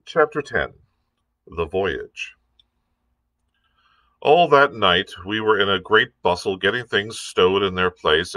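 Slow-reading male librarian. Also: fairly low pitch, bright, forceful tone, no room sound. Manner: unhurried reading with occasional fillers. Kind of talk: storybook read-aloud.

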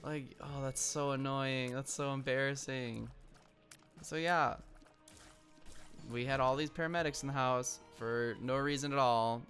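A man's voice: mid-range voice, fairly even intonation, a little slow, a bit bright, soft background music. A young man hosting a gaming channel, telling a story in a rambling casual way with lots of ums while playing. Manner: rambling, frequent ums, bursts of frustration at the game. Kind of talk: casual gameplay commentary and storytelling. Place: at home.

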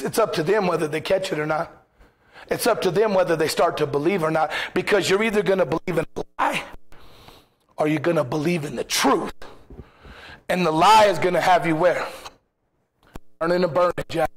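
A man's voice: fairly high pitch, breathy edge. A man preaching a sermon as pastor in a church, impassioned, firing rhetorical questions and acting out quoted voices.

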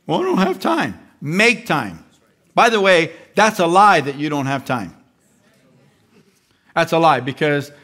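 A man preaching a live sermon as pastor, animated and acting out little voices as he goes. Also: fairly high pitch. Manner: animated, acts out voices of the flesh and believers. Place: large church.

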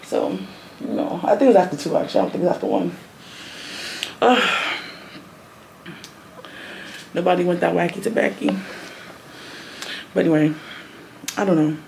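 In this casual vlog chat from a doctor's office, a woman speaks into a close-held phone, rambling, giggling, poking fun at herself, and half-whispering at moments. Her lowish, darkish voice carries vocal fry, moves at a moderate pace, and pauses often. Slight background noise and poor audio quality come through.

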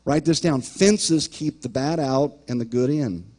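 A man's voice: mid-range voice, unhurried, a little mellow. A man preaching a sermon as pastor, emphatic, often repeating words and acting out imagined voices.

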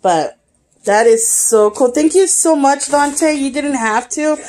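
A young woman vlogging casually while unboxing a gift, excitable and gushing, often breaking into giggles. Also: high-pitched, takes it slowly. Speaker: YouTube vlogger. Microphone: camera, face not shown.

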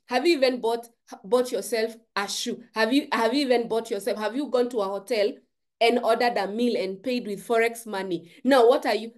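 A woman's voice: fairly high pitch, a little mellow. A woman giving an emphatic, preachy motivational talk to camera, repeating phrases for stress. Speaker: forex trading YouTuber.

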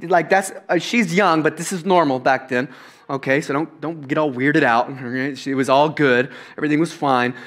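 A man preaching a sermon as pastor, telling the story with jokes and animated asides to the congregation. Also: on the high side, normal speed. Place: church stage.

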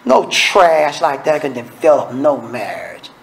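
A man's voice: mid-range voice, very animated, a little slow, vocal fry, rough recording. A man preaching an evening sermon in a folksy, conversational way, blunt and scolding with humor, often acting out little dialogues.

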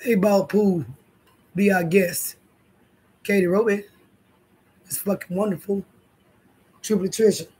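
A woman's voice: mid-range voice, steady tone, measured pace, long pauses, dark tone, husky. A woman hosting her own vlog, talking straight to her viewers in a blunt, profane way. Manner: blunt, profane, addresses viewers and others directly. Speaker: YouTube channel host.

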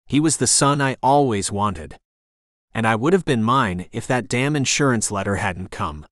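A man's voice: medium pitch, lively intonation, moderate pace, fairly bright tone, no echo, clean studio sound, close to an everyday voice. A male audiobook narrator voicing a bitter, brooding middle-aged man who is a killer.

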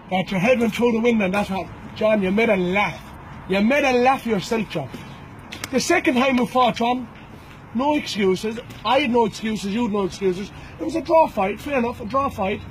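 A man's voice: extremely high pitch, slight background noise, rough recording. An Irish man, a bare-knuckle fighter, records a challenge to a rival, taunting and threatening him and repeating names and "boys" over and over.

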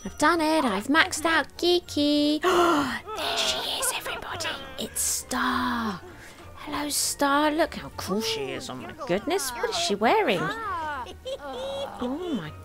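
High, lively woman playing a game. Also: a little slow, music in the background. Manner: chatty, excitable, giggly. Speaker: game streamer. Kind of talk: let's play commentary.

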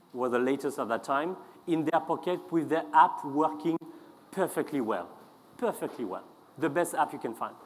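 A man with a French accent giving a conference talk, halting often with fillers and restarts. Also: fairly high pitch. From France. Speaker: speaker. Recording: long hall reverb.

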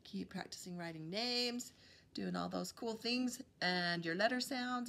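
A woman preschool teacher giving a phonics lesson to young children, sounding out letters slowly and praising them warmly. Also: mid-range voice, creaky. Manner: slow, encouraging, sounding out letters for small kids.

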